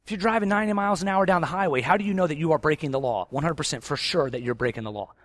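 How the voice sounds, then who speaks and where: A male pastor preaching with a slightly raised voice, moving between loud, pressing emphasis and quiet, intense asides. The recording is close and dry. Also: on the high side, racing, dry recording. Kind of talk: sermon.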